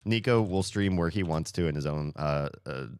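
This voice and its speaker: A man's voice: sits low, moderate pace, smooth, no echo, studio quality. A man streaming live and chatting casually with viewers, rambling, with many "like" fillers.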